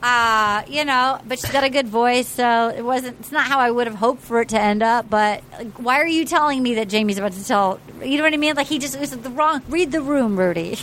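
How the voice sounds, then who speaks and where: A woman hosting a podcast, recapping a reality show in an animated, gossipy way and acting out what the cast said. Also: fairly high pitch, fairly quick, hardly any pauses, a little hiss or hum. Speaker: podcast host. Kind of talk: casual chat.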